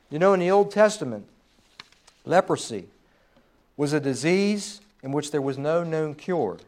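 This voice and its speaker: High-voiced man preaching a sermon. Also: expressive, darkish tone. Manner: preaching with rising emphasis and trailing pauses. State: slightly hoarse. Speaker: pastor.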